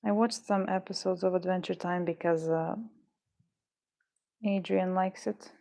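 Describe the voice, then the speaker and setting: A woman's voice: fairly low pitch, fairly even intonation, measured pace, gravelly, mellow. A woman streaming live while she works on beadwork, muttering and rambling in frustration and swearing now and then. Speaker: livestreamer making beadwork. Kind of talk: casual livestream chat while crafting.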